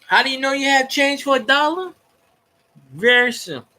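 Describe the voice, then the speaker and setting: A man's voice: very high-pitched, expressive, moderate pace, sharp tone. Rowdy man ranting on stream. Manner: rowdy, profane, jokey fan ranting. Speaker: sports fan streamer. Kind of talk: casual rambling livestream chat.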